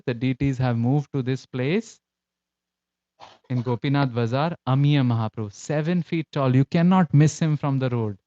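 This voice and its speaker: A man's voice: a little high, darkish tone, no room sound, lo-fi sound. A man with an Indian English accent giving a storytelling sermon, acting out quoted voices as he goes. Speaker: lecturer in a devotional class.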